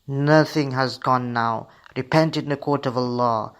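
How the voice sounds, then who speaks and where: A calm, firm prophet , read by a male narrator, speaks with earnest conviction. His mid-pitched voice stays steady and grave. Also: unhurried, clean tone, natural voice. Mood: admonishing.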